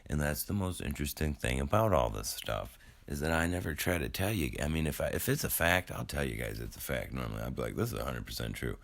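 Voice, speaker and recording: A man's voice: very deep voice, animated, quick pace, gravelly, few pauses, a bit bright. A man in his forties, just woken up, rambling to his viewers in a casual, self-deprecating vlog monologue. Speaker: YouTube creator.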